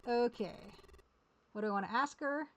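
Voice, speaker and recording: A woman streaming a game live, talking casually and haltingly as she sounds out words one by one. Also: a little high, highs cut off.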